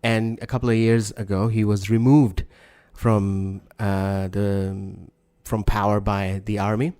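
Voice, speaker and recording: A man co-hosting a casual podcast chat, rambling and halting with frequent restarts. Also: on the low side, little pitch movement, mellow, smooth. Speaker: podcast co-host.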